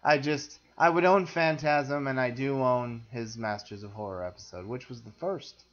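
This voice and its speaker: A man's voice: medium pitch, normal speed, fairly bright tone, dull audio. A man co-hosting a casual film discussion podcast, wry, opinionated and teasing. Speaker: podcast co-host.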